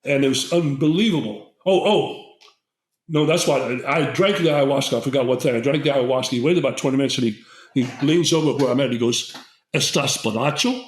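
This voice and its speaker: A man's voice: medium pitch, fast talker. An older man, a guest, telling a long story with many fillers and restarts. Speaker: guest herbalist. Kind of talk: storytelling in conversation. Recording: roomy echo.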